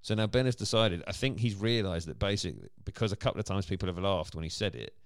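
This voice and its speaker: A man's voice: deep voice, expressive, quick pace, creaky, no room sound, clean studio sound. A man co-hosting a casual podcast chat, chatty and laughing often. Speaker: podcast co-host.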